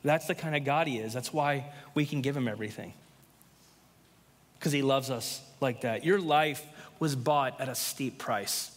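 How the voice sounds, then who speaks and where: A man's voice: mid-range voice, moderate pace. A man preaching a sermon to a live congregation in an impassioned, emphatic way. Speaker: pastor. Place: church hall, live. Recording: long reverb of a church hall.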